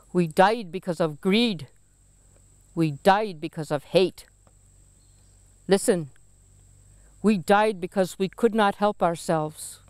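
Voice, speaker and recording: A woman's voice: mid-range voice, darkish tone, clear, resonant tone, no echo, studio quality, natural voice. A woman voicing a chorus of dead famine souls, chanting a repetitive, accusing lament in a poetry reading.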